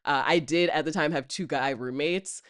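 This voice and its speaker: A woman in her thirties, a comedian telling a story in casual chat, animated and laughing. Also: low voice, moderate pace, clean tone, no echo, studio quality. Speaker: comedian guest.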